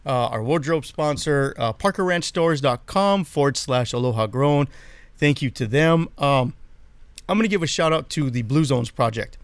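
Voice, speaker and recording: A man from Hawaii co-hosting a podcast, chatting casually and giving shout-outs to sponsors. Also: mid-range voice, animated, moderate pace, no room sound. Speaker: podcast co-host.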